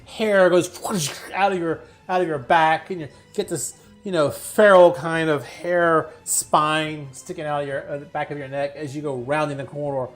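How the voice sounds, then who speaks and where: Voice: mid-range voice, steady tone, normal speed, hardly any pauses, faint music behind. A game master narrating a tabletop game in casual chat, often laughing through vivid descriptions. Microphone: headset or desk mic in an online stream.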